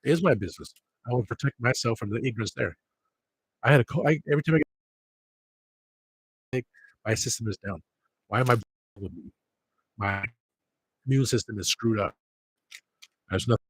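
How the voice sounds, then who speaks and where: A man's voice: medium pitch, moderate pace, pauses often, breathy edge, rough recording. A man chatting casually on a livestream, rambling from one thing to the next and grumbling about people.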